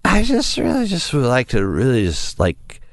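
A man's voice: medium pitch, wildly swooping pitch, moderate pace, slight background noise. A man putting on the voice of a drunk, slurring woman politician for a comedy bit. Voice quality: slurred, rambling.

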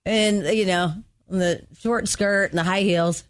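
A chatty woman co-hosting a casual talk show, trading celebrity gossip. She laughs easily and slips into acted-out quotes. Her voice sits at a middle pitch. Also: steady tone, unhurried.

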